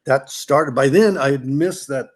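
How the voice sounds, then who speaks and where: A man's voice: medium pitch, a little slow. A middle-aged man from California tells old racing stories on a podcast. He rambles loosely, breaks off and restarts his sentences, and slips into the voices of the people he quotes. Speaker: podcast guest, former off-road racer. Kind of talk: casual storytelling.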